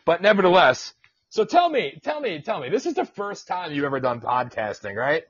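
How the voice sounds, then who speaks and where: A man hosting a talk radio show, swearing freely and needling his co-host with sarcasm. His voice is husky and high for a man, heard close and dry on a dull, lo-fi recording. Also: big pitch swings, moderate pace, fairly bright tone. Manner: profane, sarcastic, teasing. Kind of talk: casual podcast rant. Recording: dull lo-fi sound.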